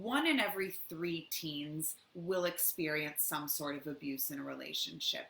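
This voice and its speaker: An earnest woman educator answers questions from viewers, with a lower voice that still sounds bright and forceful. She explains her points by acting out examples. The room is echoey, and there is a faint hiss of background noise. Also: gravelly. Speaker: domestic violence educator.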